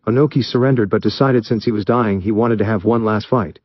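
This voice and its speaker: A man narrating fan fiction aloud in a plain, steady reading voice. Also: lowish voice, brisk, no echo, dull audio.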